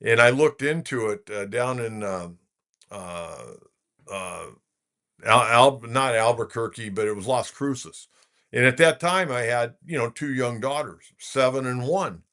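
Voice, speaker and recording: A man's voice: medium pitch, measured pace, fairly bright tone. Rambling older man hosting sports talk. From California. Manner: folksy, rambling storyteller with many filler uhs. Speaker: sports radio host. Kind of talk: casual sports talk show.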